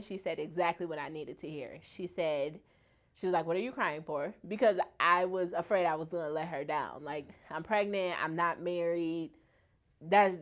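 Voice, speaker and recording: Animated woman telling her own story. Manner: animated, acts out quoted voices much higher. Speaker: interview guest. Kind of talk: personal storytelling in an interview.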